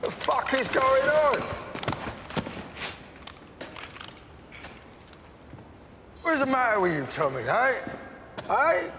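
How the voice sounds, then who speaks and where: An actor playing a volatile middle-aged London gangster with a London accent, rambling, swearing and breaking into shouts. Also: male voice, very high voice, sing-song, normal speed, exaggerated voice. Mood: exasperated. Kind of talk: television drama acting. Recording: long reverb, faint background noise.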